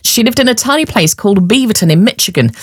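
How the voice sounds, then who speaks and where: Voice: medium pitch, fast talker, slightly rough, no echo, clean studio sound. A radio co-host chatting on air and reading out listener messages. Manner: lively, reads listener messages aloud. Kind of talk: breakfast radio chat.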